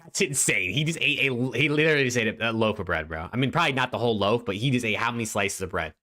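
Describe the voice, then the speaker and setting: A young man hosting a live podcast stream, bantering casually, incredulous and animated, swearing freely. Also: mid-range voice, very fast. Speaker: podcast host.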